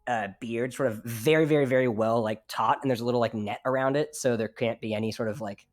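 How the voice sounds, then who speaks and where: A man's voice: medium pitch, steady tone, quick pace, faint music behind. A man narrating as game master of a tabletop game, rambling casually with many fillers.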